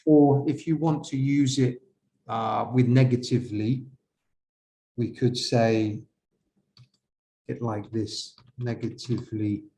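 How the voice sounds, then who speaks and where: Male IELTS examiner, unhurried, hesitant delivery, teacherly questions to the class. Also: mid-range voice, fairly even intonation, warm tone, slight background noise. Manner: slow, hesitant, questions to viewers. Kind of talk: classroom-style essay correction.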